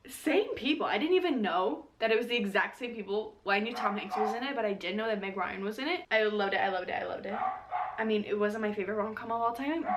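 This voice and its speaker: Young woman vlogging about books, chatty and gushy, kinda high voice. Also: background noise. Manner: chatty, gushing, quick asides. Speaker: book vlogger. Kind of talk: casual vlog chat.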